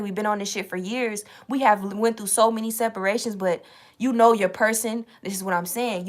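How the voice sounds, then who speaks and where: A young woman telling a casual, profane story to her viewers, animated and streetwise. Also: a little high. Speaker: tarot reader and channel host.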